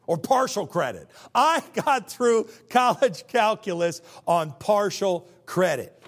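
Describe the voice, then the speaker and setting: A man preaching a sermon as pastor, folksy and emphatic, swinging from loud outbursts to hushed tones. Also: sits high, expressive, slow pace. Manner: folksy, conversational asides to the congregation.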